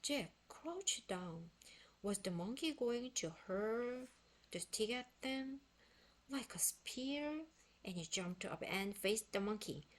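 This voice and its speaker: Woman, children's book read-aloud, expressive, slow and careful, Korean first language. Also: fairly high pitch. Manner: expressive, unhurried storytelling. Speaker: book reader.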